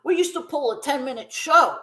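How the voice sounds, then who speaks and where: A woman's voice: high-pitched, expressive, a little fast, fairly bright tone, poor audio. A woman in her fifties, a former b-girl dancer, telling her story bluntly and emphatically as an interview guest, with free swearing.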